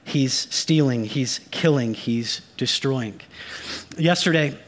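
A man preaching a sermon as pastor, emphatic and animated, mixing casual slang asides into the teaching and dropping to a hushed, grave tone for dark passages. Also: medium pitch, slow.

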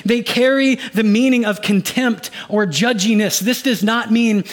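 A man preaching a sermon as a pastor, animated and given to acting out little mock inner voices. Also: very high voice, measured pace.

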